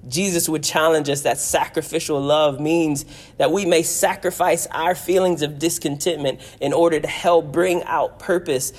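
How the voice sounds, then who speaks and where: A male pastor delivering a sermon in an earnest, personal way. He stacks repeated phrases for emphasis, and his voice swells and falls back as he drives each point home. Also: on the high side. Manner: earnest, repetitive preaching with rising and falling emphasis.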